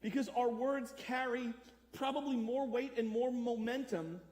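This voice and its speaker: Unhurried and very high-pitched, with a slightly mellow quality, this pastor gives a conversational sermon. He asks the congregation questions, and the echo of the church hall is audible.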